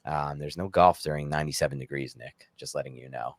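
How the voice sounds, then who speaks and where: Deep-voiced laid-back podcast co-host man. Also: quick pace, vocal fry, dry recording, studio quality. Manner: laid-back, jokey, rambling. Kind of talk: casual sports podcast chat.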